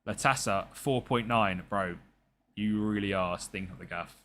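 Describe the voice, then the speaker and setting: A man's voice: fairly low pitch, normal speed, a bit bright, slight background noise. A young man streaming a football management game, chatting casually and jokily with his viewers as he plays. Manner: chatty and jokey, talks to chat and game players.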